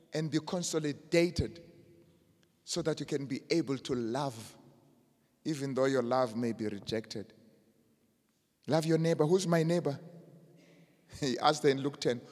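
A man preaching a sermon as pastor, swinging from quiet asides to shouted emphasis. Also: on the high side. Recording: long hall reverb.

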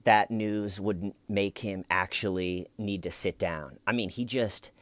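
A man with a lowish voice giving sarcastic commentary as a YouTuber. He jokes in a casual, conversational way and takes his time. The recording is dry and close. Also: fairly even intonation, measured pace, a bit bright, dry recording. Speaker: YouTube true-crime commentator.

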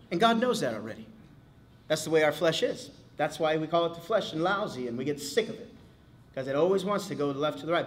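Man, pastor, bible study teaching, lively and casual, fairly high voice. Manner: animated, casual, acts out quotes, many fillers.

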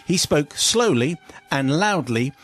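Husky British man reading a letter. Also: a little high, takes it slowly. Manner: lively, amused delivery with playful quoted voices. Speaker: radio host reading a listener's letter. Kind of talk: storytelling read-aloud on radio.

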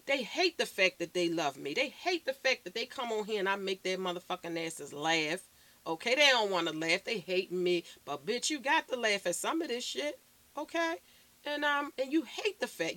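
A woman's voice: a little high, pushed and bright. A woman vlogger ranting bluntly and profanely to camera, recorded on her phone. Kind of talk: unscripted rant to camera.

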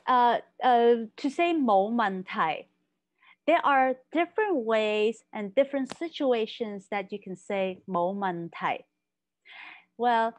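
Woman teaching a language, slow and patient, dry close sound. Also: a little high, no echo. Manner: explains patiently, repeats phrases slowly. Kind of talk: slow, careful language lesson.

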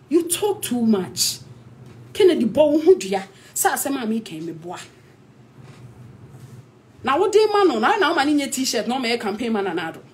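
Scolding Ghanaian woman, animated pitch. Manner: confrontational, scolding, mixes English with Twi. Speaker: actress. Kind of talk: heated social media rant.

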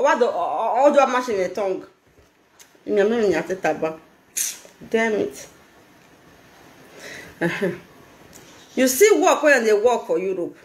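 A Nigerian woman talking on a casual live video, animated and laughing, mixing in pidgin. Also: on the high side, reverberant. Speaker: social media vlogger.

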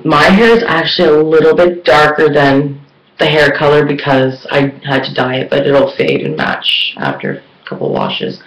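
A woman chatting casually in a beauty vlog, rambling with lots of fillers. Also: low voice. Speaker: beauty vlogger. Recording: echoey room.

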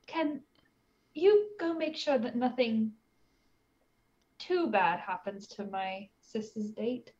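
A woman's voice: on the high side, takes it slowly, pauses often, darkish tone, lo-fi sound. A woman voicing a young woman who asks sweetly and pleadingly.

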